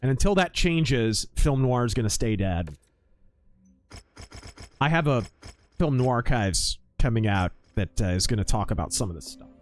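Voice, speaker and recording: A man streaming a mech game and chatting casually, an animated storyteller who acts out quotes. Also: medium pitch, normal speed, pauses often. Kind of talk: casual live-stream chat.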